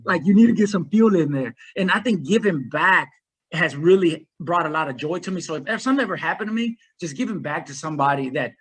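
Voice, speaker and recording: A man in his forties, an ultrarunner guest, telling his story in a rambling, energetic way. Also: fairly high pitch, fast talker, husky, rough recording. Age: 40s. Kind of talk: casual interview conversation.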